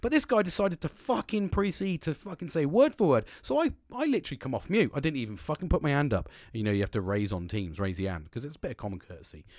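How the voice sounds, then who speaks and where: A man with a British accent telling a work story in a casual rant, swearing heavily and veering between muttered asides and loud bursts. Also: on the high side, sing-song, quick pace, hardly any pauses, no echo, studio quality. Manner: heavy swearing, blunt and boastful. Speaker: vlogger.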